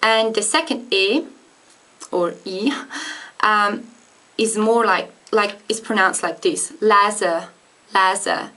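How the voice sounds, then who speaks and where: Slow, careful woman teaching pronunciation. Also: mid-range voice, pushed and bright. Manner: slow, careful, with demonstrated sounds. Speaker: language teacher. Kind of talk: casual video lesson.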